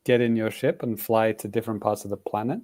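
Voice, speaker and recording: A man's voice: on the low side, steady tone, fast, darkish tone. A man co-hosting a casual podcast chat, rambling and hedging as he explains things. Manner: rambling, hedges with "like". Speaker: podcast co-host.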